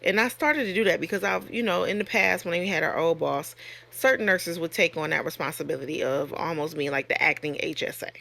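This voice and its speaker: Gravelly low-voiced woman telling stories. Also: brisk, bright, forceful tone. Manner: frank and conversational, rising sharply when retelling exchanges. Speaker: nurse and online course creator. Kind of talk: casual storytelling monologue.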